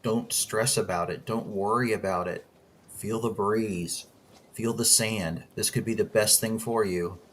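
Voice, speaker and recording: A man in a tabletop game, speaking in character in a calm, encouraging way. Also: on the low side, measured pace, a little hiss or hum. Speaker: player. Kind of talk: in-character tabletop role-play.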